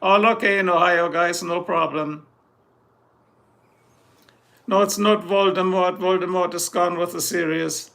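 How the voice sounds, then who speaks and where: A man's voice: high voice, fairly even intonation, unhurried, creaky, pauses often, fairly bright tone, a little hiss or hum. A man chatting casually on a live stream, boastful and joking, rambling from one thing to the next. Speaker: livestreamer.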